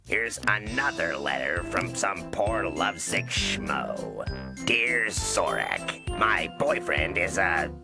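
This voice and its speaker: An actor playing a sarcastic, grumpy male mantis in a TV cartoon, with a dry, deadpan, sneering delivery. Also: low voice, slow, vocal fry, loud music behind the voice, exaggerated voice. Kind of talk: TV cartoon voice acting.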